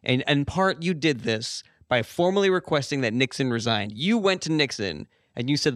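An American man hosts a comedy podcast, playing it straight with deadpan interview questions. His voice sits at an average pitch, recorded dry and close. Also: normal speed, few pauses, no echo. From United States. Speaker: podcast host.

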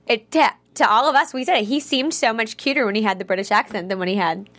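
A woman's voice: a little high, fast, fairly bright tone. A woman in a casual chat about a TV show who reflects and explains her view at length.

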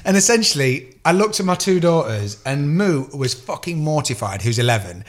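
English bloke on a podcast, swearing a lot and telling a big animated story. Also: male voice, a little high, moderate pace, hardly any pauses. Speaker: podcast co-host. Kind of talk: casual chat.

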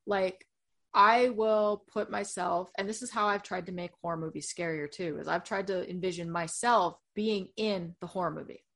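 A woman guesting on a podcast who runs a true crime show, talking frankly and deadpan with casual swearing. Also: lowish voice, moderate pace.

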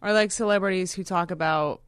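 A woman's voice: fairly low pitch, a little fast, smooth, no echo, studio quality. A woman co-hosting a podcast, speaking bluntly and skeptically in casual chat. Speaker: podcast co-host.

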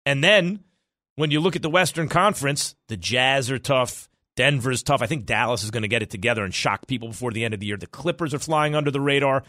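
A man hosting a sports talk radio show, arguing his opinions in a fast, animated, self-correcting way. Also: mid-range voice, dry recording, studio quality.

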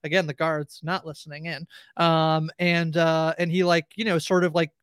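A man's voice: a little high, level tone, normal speed, a bit bright, clean tone, dry recording. A man co-hosting a podcast in casual recap chat, hesitant and easygoing with many fillers. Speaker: podcast co-host.

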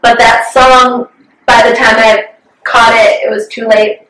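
A woman's voice: fairly high pitch, level tone, measured pace, fairly bright tone. A young woman in her twenties chatting casually, telling an emotional story candidly and swearing freely. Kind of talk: casual chat. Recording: roomy, distant from mic.

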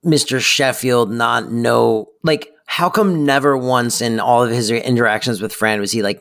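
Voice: moderate pace, hardly any pauses. Incredulous podcast co-host. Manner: animated, incredulous, breaks into high excited impressions. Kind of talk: casual chat.

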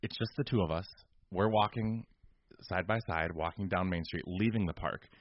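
Exasperated low-voiced man ranting. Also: normal speed, dull audio. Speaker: podcast co-host. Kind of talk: casual storytelling chat.

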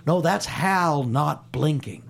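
A man in his fifties doing an impression of an intense, neurotic male comedy filmmaker telling a showbiz anecdote, raised and animated. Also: a little high, slow pace, gravelly, heavily acted. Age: 50s. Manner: animated, raised and louder than his own talk.

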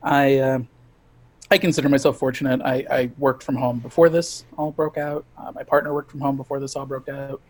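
A male comic writer as podcast guest, talking casually with many pauses and restarts. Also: mid-range voice, flat delivery. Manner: halting, many fillers and restarts. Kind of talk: casual interview chat.

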